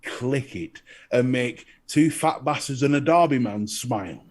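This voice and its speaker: Lively sweary northern English bloke. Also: male voice, mid-range voice, measured pace. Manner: jokey, sweary, lively delivery. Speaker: co-host. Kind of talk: casual show sign-off chat.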